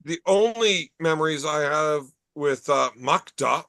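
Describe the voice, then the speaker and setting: A man's voice: a little high, animated, unhurried, bright, forceful tone, no room sound. A man hosting a casual bar chat podcast, telling profane, rambling stories. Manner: profane, storytelling. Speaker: podcast host.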